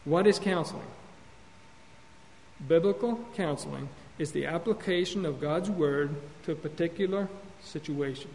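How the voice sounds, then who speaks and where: A man with a fairly high voice delivers a lecture-style sermon on counseling, earnest and deliberate. He restarts phrases and corrects himself mid-thought, slowing down to stress key words. The room adds a long hall reverb over a faint background hum. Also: vocal fry, a little mellow. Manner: earnest teaching, with repeated words and self-corrections. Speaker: Bible teacher on counseling.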